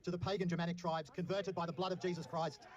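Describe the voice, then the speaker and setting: A man delivering a public speech in a slow, emphatic, declamatory way. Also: high voice, little pitch movement. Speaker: rally speaker.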